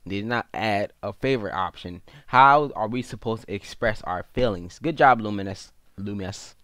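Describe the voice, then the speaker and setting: Hosting a gaming video, a man delivers lighthearted let's-play banter that leaps into shrill, excited squeals. He speaks at a moderate pace, and the recording has no echo.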